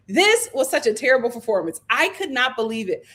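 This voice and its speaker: A high-voiced woman hosts a commentary channel, riffing casually on reality TV gossip. She's sassy and animated, jumping between loud outbursts and quiet, drawn-out asides.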